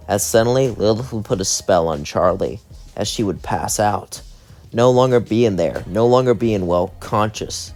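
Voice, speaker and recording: A male storyteller reading out a fan-made story in a low voice, stringing one clause after another. Soft music plays faintly under him. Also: normal speed. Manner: chains clauses with "as" and "would".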